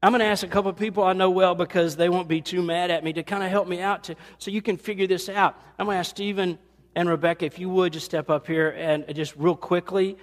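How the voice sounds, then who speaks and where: Earnest preacher with a slightly high voice. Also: male voice, steady tone, quick pace, in a large hall. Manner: earnest, conversational, acts out quotes with rising pitch. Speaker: pastor. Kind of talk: sermon. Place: church sanctuary.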